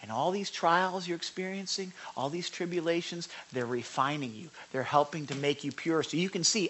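A preacher giving a sermon, emphatic and conversational, swinging between loud declarations and hushed asides. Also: medium pitch, normal speed, hardly any pauses, a little hiss or hum. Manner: conversational with repeated asides and restarts.

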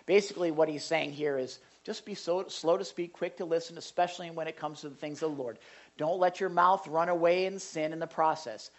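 A man, a pastor, giving a conversational sermon to a live congregation in an animated way, with big jumps in pitch and loudness. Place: church service before a live congregation.

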